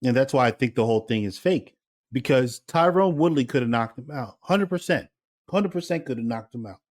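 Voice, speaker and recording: A man's voice: mid-range voice, animated, a little fast. A man co-hosting a podcast in casual chat, blunt, profane and joking. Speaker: podcast co-host.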